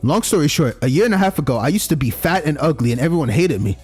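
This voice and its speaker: A man's voice: fairly high pitch, animated, quick pace, darkish tone, breathy edge, soft background music. A man voicing a smug, sassy girl influencer. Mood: dismissive. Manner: sassy, bragging, condescending. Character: boastful young female influencer, smug and ruthless.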